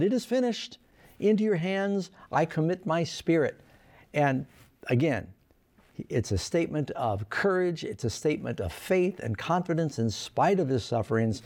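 A man's voice: medium pitch, a little mellow. A man preaching a sermon, reading scripture aloud and stressing key lines with earnest emphasis.

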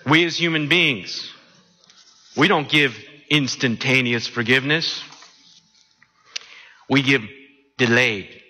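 A man preaching a sermon, animated and often asking his listeners questions. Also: medium pitch, takes it slowly, pauses often. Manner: animated, asks the congregation questions. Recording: long hall reverb.

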